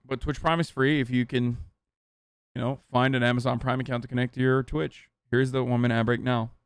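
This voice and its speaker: A man's voice: medium pitch, flat delivery, fairly quick, clear, resonant tone, no echo, clean studio sound. A man in his thirties streaming live, reacting with blunt, mocking, profane commentary.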